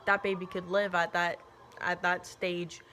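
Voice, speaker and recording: A young woman vlogging casually at home, telling a story with a sassy, profane, animated manner. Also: on the low side, a little slow, a little hiss or hum. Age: young adult.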